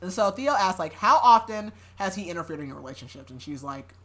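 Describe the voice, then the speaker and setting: Chatty woman with a lowish voice. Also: expressive, fast talker, a bit bright. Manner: chatty, laughing often, heavy use of "like". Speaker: podcast host recapping a novel. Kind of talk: casual chat.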